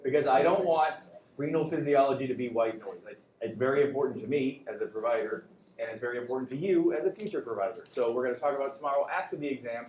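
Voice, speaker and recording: A man's voice: medium pitch, darkish tone. A man teaching an anatomy class, lecturing casually, joking and quizzing his students. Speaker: anatomy and physiology instructor. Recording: echoey classroom, faint room hum.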